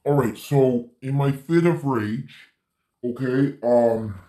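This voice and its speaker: Slow-talking frustrated gamer man. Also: medium pitch, echoey room, rough recording. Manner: swears and yells in frustration. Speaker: gaming YouTuber. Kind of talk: let's play commentary.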